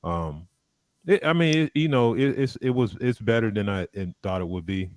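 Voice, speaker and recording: A man's voice: on the low side, animated, normal speed, darkish tone, no echo. A man from Alabama with a slight Southern US accent, chatting casually as a guest with rambling restarts. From Alabama, USA. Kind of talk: casual chat.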